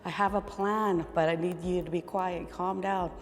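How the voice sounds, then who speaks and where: A woman's voice: on the low side, steady tone, normal speed, long reverb tail, close to an everyday voice. A woman telling a legend gives the voice of a resourceful young boy carver who urgently takes charge of the other children. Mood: determined.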